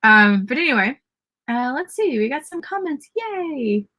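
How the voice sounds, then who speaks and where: Woman, Southern accent, livestream host, casual chat, bright tone, upbeat cheering. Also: sits high, very animated, measured pace. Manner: chatty, cheers readers' comments.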